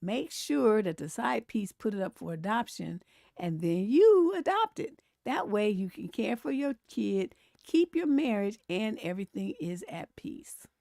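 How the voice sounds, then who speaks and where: Sassy woman with a gravelly voice. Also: mid-range voice, a little slow, no room sound, clean studio sound. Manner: animated, sassy, laughs often, mimics grumpy voices. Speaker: relationship coach and show host. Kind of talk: casual live-stream commentary reading memes.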